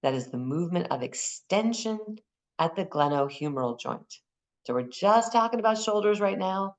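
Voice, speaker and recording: A woman teaching an anatomy class for massage exam prep, lively and repeating key terms and memory aids. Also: lowish voice, normal speed.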